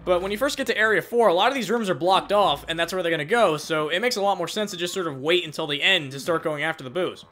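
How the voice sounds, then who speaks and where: Fast, bright-voiced gameplay commentator. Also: male voice, high-pitched. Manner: excitable, rambling, self-deprecating. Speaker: let's play host.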